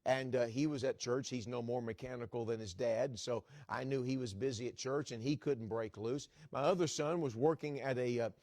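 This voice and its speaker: Man, middle-aged, evangelist, folksy storytelling sermon, mid-pitched voice, dry recording. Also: moderate pace, hardly any pauses, darkish tone, dry recording. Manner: folksy, acts out dialogue with restarts. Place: church.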